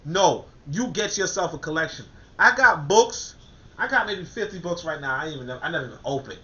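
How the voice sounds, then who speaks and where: High, bright-voiced man on a lo-fi podcast. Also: animated, brisk. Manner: emphatic, repetitive, lots of fillers and restarts. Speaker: podcast host. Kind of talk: casual motivational podcast talk. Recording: dull lo-fi recording.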